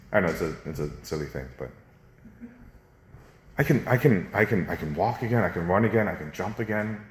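A man giving an earnest, conversational sermon as a pastor, with animated rises when he gets going. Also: low-pitched, fairly quick, pauses often, echoey room.

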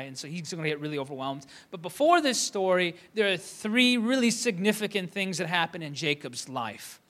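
A man's voice: high-pitched, pushed and bright. A young man from Michigan preaching a conversational sermon, with many fillers and restarts. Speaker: pastor.

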